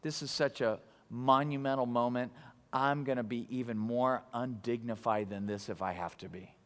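A man's voice: medium pitch, fairly even intonation, moderate pace, pitched below the performer's own voice, lightly acted. A man doing a fervent, defiant king. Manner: fervent, defiant, building to a shout.

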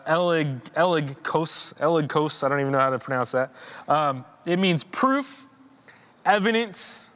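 A man's voice: a little high, pushed and bright. A man giving an informal sermon in a church, conversational, repeating words and rising in emphasis. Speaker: preacher.

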